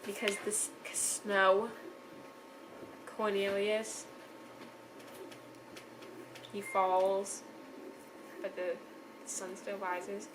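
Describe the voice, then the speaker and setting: A woman's voice: medium pitch, completely flat delivery, extremely slow, long pauses, background noise. Chatty young woman gushing over a book. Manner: chatty, gushing, trailing off and restarting. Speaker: book reviewer. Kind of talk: casual book review vlog.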